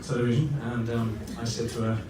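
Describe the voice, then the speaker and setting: A man performs stand-up comedy in a pompous, mock-posh manner. He is picked up from a distance in an echoey club. Audience noise is clearly heard behind him. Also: mid-range voice, level tone, fairly quick. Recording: roomy live venue from afar with audience noise.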